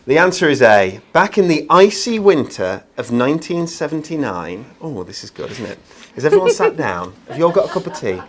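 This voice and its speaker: Male host, live craft-TV presenter, chatty, self-deprecating, filler-heavy delivery, average pitch. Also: slight background noise. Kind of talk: live shopping-channel presenting.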